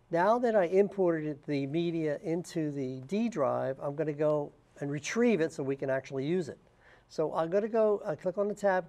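A man walking through software steps one at a time in a plain, unscripted way, with frequent "uh" fillers. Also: on the high side. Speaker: software tutorial instructor. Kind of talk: screen-recorded software walkthrough.

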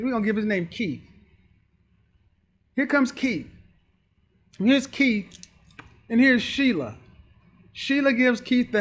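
A man's voice: extremely high pitch, lively intonation, a little slow, pauses often. A man giving emphatic, preachy dating commentary, acting out the people he talks about. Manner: emphatic, preachy, acts out quoted voices. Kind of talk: lecturing commentary.

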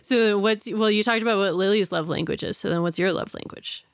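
A woman's voice: medium pitch, a little fast, creaky, no room sound, studio quality. A woman hosting a podcast, asking friendly follow-up questions in casual conversation. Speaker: podcast host. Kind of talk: casual interview chat.

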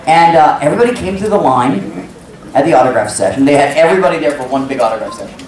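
Man panelist, lively voice, story in an echoey hall, heard from a distance, crowd and noise behind. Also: a little high, fast. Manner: rambling storyteller who acts out quotes. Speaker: convention panelist. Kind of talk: casual anecdote telling. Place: large convention hall with audience. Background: audience murmur and room noise.

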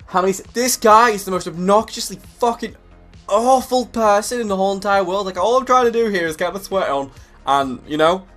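Young guy, high-ish voice, profane animated comedy rant to camera. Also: brisk, soft background music. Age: young adult. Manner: animated, sweary, acts out scenes. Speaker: comedy vlogger.

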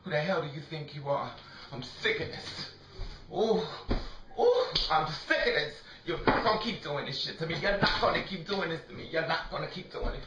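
A man's voice: fairly high pitch, fast talker, hardly any pauses, very noisy, natural voice. A man playing a furious, jealous woman who is scolding a cheating partner in a comedy sketch, with profane, repetitive, sassy scolding. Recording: dull roomy recording from a distance.

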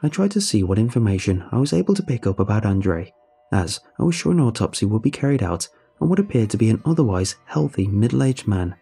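A man narrating a horror story in a measured, grave storytelling manner. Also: on the low side, big pitch swings, creaky, dark tone, breathy edge, faint music behind.

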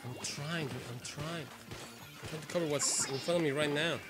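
A man giving excitable, swearing let's play commentary while he plays. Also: on the high side, moderate pace. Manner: excitable, swearing, trash-talking. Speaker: gamer. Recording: game music clearly behind voice. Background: game music.

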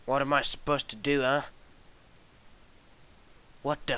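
Young male let's-player, brash and sweary, with a bright tone and a slow, drawn-out pace. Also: mid-range voice, clear, resonant tone, no room sound. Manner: excitable, swearing, yelling at the game. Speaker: gameplay commentator. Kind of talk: casual let's-play commentary.

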